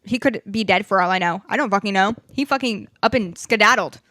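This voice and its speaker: A woman's voice: mid-range voice, fairly quick, dry recording, studio quality. Frank, swearing young woman podcaster. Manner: frank and profane, animated venting. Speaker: podcast host. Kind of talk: candid solo podcast chat.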